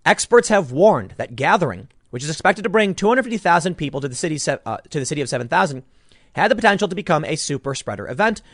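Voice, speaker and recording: Here a man with a fairly high voice argues his political opinions in a sarcastic, combative monologue, breaking off and restarting his sentences as he goes. The audio is studio quality, with no echo.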